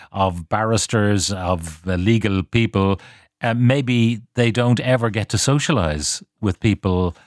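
Older male radio host, lowish voice, slow and thoughtful, dry studio sound. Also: no room sound. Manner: measured, hesitant, thoughtful. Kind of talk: radio interview.

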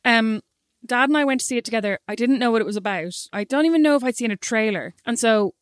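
A woman's voice: on the high side, no room sound, studio quality. Woman telling a cheeky story. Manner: storytelling, mock-scolding, quick laughter. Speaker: podcast co-host. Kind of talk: casual sisterly chat.

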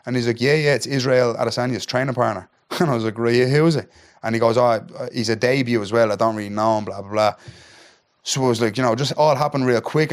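A young man with a Dublin accent, a podcast guest retelling a story in casual chat and acting out the dialogue. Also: medium pitch. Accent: Irish, Dublin. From Ireland. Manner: animated retelling, acts out dialogue, keeps asking "do you know what I mean". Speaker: podcast guest, MMA fighter.

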